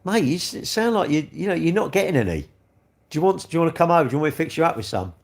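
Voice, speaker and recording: A man's voice: a little high, lively intonation, racing. An older English man hosting a casual livestream, reading out viewer comments and answering them with blunt, cheeky banter. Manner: banter, cheeky and blunt, dropping "mate" and "innit". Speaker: livestream host.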